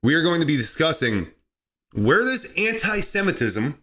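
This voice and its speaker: A man hosting a comedy podcast, talking sarcastically and excitably, laughing at his own jokes. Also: fairly high pitch, normal speed. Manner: sarcastic, excitable, mock-outraged asides. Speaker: podcast host.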